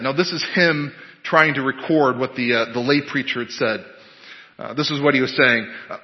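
A man preaching a sermon, telling a story with animated emphasis and hesitant fillers, recorded in an echoey hall with a dull, lo-fi sound. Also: medium pitch, normal speed. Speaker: pastor.

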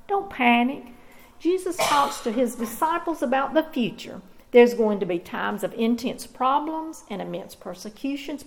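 A woman pastor reading scripture and preaching a sermon in a measured, earnest way with deliberate pauses. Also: fairly high pitch, vocal fry, poor audio.

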